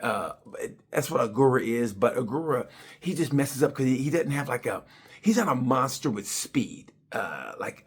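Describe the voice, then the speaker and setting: A man's voice: on the low side, husky. A man doing a rambling, profane comedic rant as a race reviewer. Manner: rambling, loose, profane, restarts a lot.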